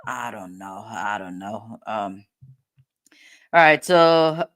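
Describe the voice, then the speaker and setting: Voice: mid-range voice, animated, slow pace, a bit bright. A host giving casual commentary, thinking aloud and laughing often.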